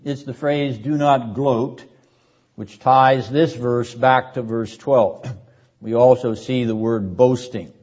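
In a dull, lo-fi classroom recording, an older man teaching at a seminary explains a text with deliberate emphasis, hammering key words through repetition. He clears his throat frequently between points, his medium-pitched voice slightly mellow.

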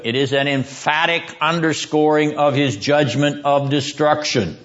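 A man giving a seminary Bible lecture, deliberate and often clearing his throat, dropping low and grave for emphasis. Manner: drops low and grave when stressing judgment. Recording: dull lo-fi lecture recording.

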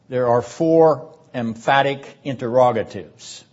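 An older man lectures slowly and deliberately in a classroom, his voice at an ordinary middle pitch. The recording is dull and lo-fi, flattening the top end. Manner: measured, deliberate delivery, rising in force for quoted verses. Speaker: seminary lecturer.

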